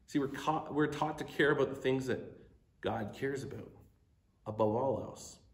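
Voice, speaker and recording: A man's voice: medium pitch, normal speed, echoey room. A middle-aged man preaching a sermon, teaching earnestly and building in intensity as he goes. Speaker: pastor.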